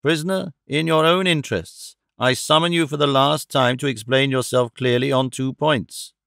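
A man reading the part of an attentive court president who addresses a prisoner in a formal, measured way in an audiobook. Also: mid-range voice, steady tone, vocal fry, fairly bright tone, dry recording, clean studio sound. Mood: stern.

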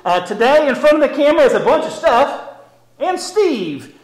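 Man, zoo educator, high voice, very lively pitch, chatty, upbeat, echoey room. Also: moderate pace. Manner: chatty, upbeat, explains with memory tricks. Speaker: zoo educator, program host. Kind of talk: live educational stream, casual teaching.

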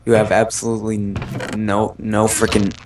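A man's voice: fairly low pitch, monotone, normal speed, a little hiss or hum. A young man chatting bluntly while playing a co-op game, cursing at setbacks. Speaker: co-op game partner. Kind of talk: casual gameplay chat.

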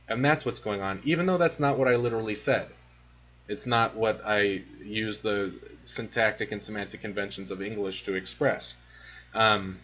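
A man lecturing in a relaxed, conversational way, explaining ideas with many ums and restarts. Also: fairly low pitch, dull audio. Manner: conversational, filler-heavy explaining. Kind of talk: recorded lecture.

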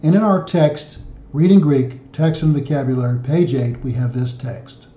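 A man doing his study homework aloud on camera, reading through word endings one by one in a slow, methodical way. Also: medium pitch, dark tone, reverberant, dull audio. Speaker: founder of a study group, self-taught student. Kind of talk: solo study video, reading declensions aloud.

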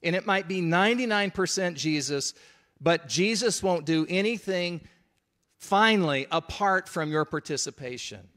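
A man's voice: sits high, animated, normal speed, a bit bright. A man preaching a sermon in an earnest, conversational, emphatic way.

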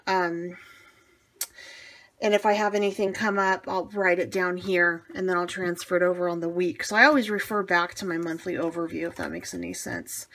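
A woman's voice: lowish voice, expressive, normal speed, a bit bright. A woman presenting a casual planner-crafting tutorial, chatty and enthusiastic, with frequent fillers and restarts. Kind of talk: casual show-and-tell tutorial.

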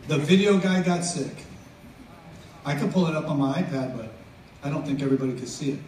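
A man's voice: a little high, expressive, fairly quick, darkish tone. A middle-aged man giving a casual, joking sermon as a guest speaker, chatty and self-interrupting. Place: church venue. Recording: echoey hall from far off, faint noise.

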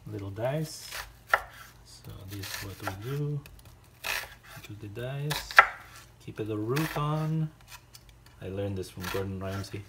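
A man with a fairly low voice speaks slowly, leaving long pauses, as he hosts a cooking video from his home kitchen and chats casually to himself and his dog. Loud kitchen sounds of chopping and clattering dishes and cutlery run throughout.

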